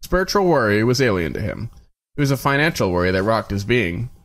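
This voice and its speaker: A man's voice: on the low side, sing-song, fairly quick, a bit bright. A man narrating a novel aloud in a wry storytelling manner, with occasional slips and restarts. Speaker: reader.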